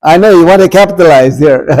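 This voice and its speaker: Guy with a fairly high voice running a bible study, chatty, keeps quizzing the room and doing little bits of dialogue. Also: moderate pace, darkish tone, low-quality recording. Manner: conversational, asks the group questions, acts out dialogue with humor. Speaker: pastor leading an adult forum. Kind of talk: informal Bible class teaching. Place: church room.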